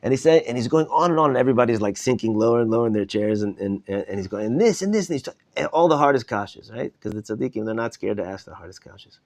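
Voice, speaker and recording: A male rabbi teaching a class, telling a story in an ordinary mid-range voice. He is animated, repeats and restarts his words, and builds toward his point. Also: medium pitch, fast talker, few pauses. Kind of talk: storytelling lesson. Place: study hall.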